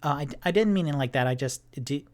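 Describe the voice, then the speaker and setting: A man voicing Tipsy, a nervous young male helper who stammers and rushes his words. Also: a little high, expressive, close to an everyday voice.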